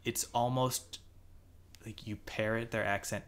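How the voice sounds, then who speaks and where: A man's voice: on the low side, steady tone, measured pace, a bit bright, smooth. A man co-hosting a podcast, chatting casually, laid-back and swearing freely. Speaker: podcast co-host. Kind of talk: casual chat.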